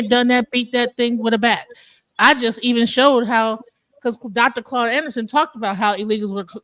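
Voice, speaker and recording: A man's voice: high voice, sharp tone, dry recording. A man hosting an online panel talk, rambling with many restarts and fillers. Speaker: show host.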